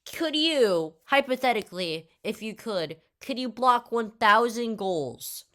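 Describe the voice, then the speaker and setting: A woman's voice: a little high, animated, unhurried, bright, forceful tone, voice pushed up. A woman voicing a pushy, scheming boy at summer camp in a storytime video, speaking close to her own voice. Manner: pushy, mock-threatening.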